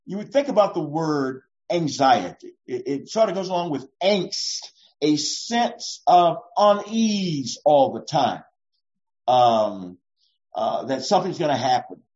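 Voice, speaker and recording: Older man, pastor, sermon, animated pitch, self-deprecating jokes, muffled lo-fi recording. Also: takes it slowly.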